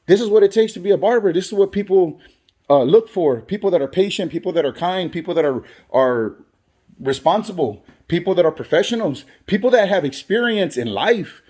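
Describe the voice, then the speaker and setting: A man's voice: sits high, animated, fairly quick, darkish tone, husky. A man who is a barber and father, talking earnestly in a motivational vlog and repeating phrases for emphasis. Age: adult, has kids. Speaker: barber and vlogger.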